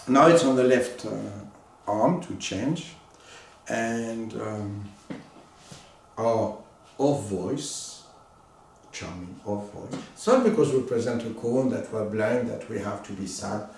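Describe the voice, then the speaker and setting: A man giving a live demonstration lesson as a teacher, animated and coaxing, in a room at home. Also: medium pitch, slow, pauses often, slight background noise. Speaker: echolocation teacher. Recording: very echoey room, far from mic.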